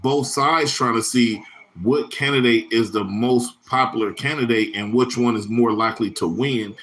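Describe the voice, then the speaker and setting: A man's voice: mid-range voice, moderate pace, a bit bright. Rambling, profane man hosting a livestream. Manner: rambling, profane, slangy, answers chat comments by name. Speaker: livestream host. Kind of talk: casual livestream chat with viewers.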